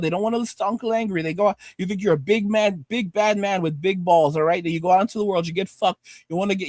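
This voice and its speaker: A livestream host with a high-sitting, darkish voice reads viewer comments, and the recording has no room sound. He rants at his viewers angrily and profanely, lecturing them and repeating himself.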